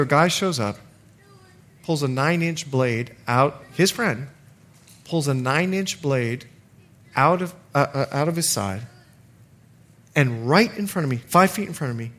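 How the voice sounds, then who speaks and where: A man's voice: a little high, unhurried, pauses often. A middle-aged male pastor preaching a sermon, telling a personal story with self-mocking humor and then leading a prayer. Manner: animated storytelling, laughs at himself, drops to quiet prayer.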